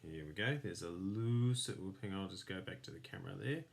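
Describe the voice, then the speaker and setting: A man's voice: low-pitched, brisk, creaky, heavy background noise. A man teaching a children's class, giving patient step-by-step craft instructions. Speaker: primary school teacher.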